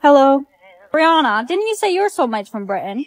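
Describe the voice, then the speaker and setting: A woman acting in comedic POV skits with a quiet, matter-of-fact delivery. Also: sits high, sing-song, normal speed, no room sound. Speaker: skit creator.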